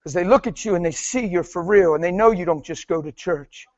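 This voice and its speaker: A man preaching in a testimony style, telling animated stories and switching between soft talk and sudden shouts. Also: high-pitched, brisk, no room sound, highs cut off. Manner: animated storytelling, laughing, mimicking voices and shouting.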